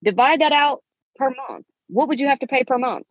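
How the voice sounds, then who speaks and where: A woman's voice: high-pitched, lively intonation, brisk, no room sound, lo-fi sound. Emphatic woman in her 30s podcasting. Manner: emphatic, preachy, uses endearments. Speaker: podcast host. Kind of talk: motivational podcast monologue.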